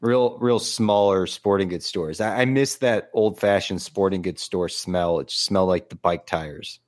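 A man's voice: low voice, moderate pace. A man co-hosting a podcast in casual banter, often hesitant and trailing off. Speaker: podcast co-host.

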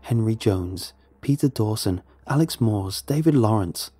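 Low, husky man narrating horror. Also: expressive, a little slow, mellow, no echo, soft background music. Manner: tense, dramatic first-person storytelling.

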